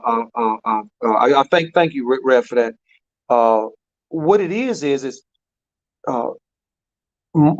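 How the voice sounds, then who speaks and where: A man, a basketball coach, telling a long story in an animated way, repeating words and using many fillers. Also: mid-range voice. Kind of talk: storytelling in a talk show. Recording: dull lo-fi sound.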